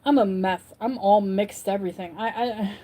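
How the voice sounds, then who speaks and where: A woman's voice: mid-range voice, fairly quick, dark tone. A woman from upstate New York hosting a casual livestream, chatting and answering viewers' comments as she goes. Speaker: livestream host.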